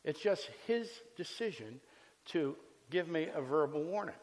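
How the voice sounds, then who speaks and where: Pastor with a higher voice in a reverberant hall. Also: male voice, lively intonation, brisk. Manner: conversational storytelling with scripture reading. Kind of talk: sermon.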